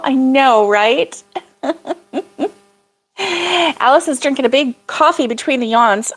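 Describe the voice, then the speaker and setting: A woman's voice: sits high, lively intonation, takes it slowly, long pauses, fairly bright tone, breathy edge. An older woman hosting a casual crochet livestream, rambling about her week with frequent laughs and reading viewer comments aloud. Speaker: crochet vlog host.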